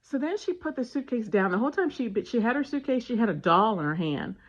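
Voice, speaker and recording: A woman casually telling a family story and giving parenting advice, animated and acting out the dialogue. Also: on the high side, fast talker. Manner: animated retelling with voiced dialogue. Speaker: parenting vlogger. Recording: dull lo-fi sound.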